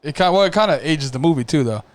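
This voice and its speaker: A man in his late thirties with a Cajun accent talks quickly in a fairly high voice. He laughs easily, swears casually, and recounts film scenes by jumping into the characters' voices. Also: expressive, no echo. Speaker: podcast co-host. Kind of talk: casual movie review chat.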